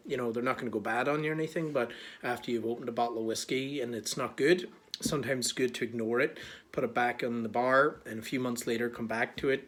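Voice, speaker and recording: Chatty Irish man hosting a tasting. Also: mid-range voice. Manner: chatty, joking, relaxed. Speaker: whiskey tasting host. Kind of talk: casual instructional talk. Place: small bar.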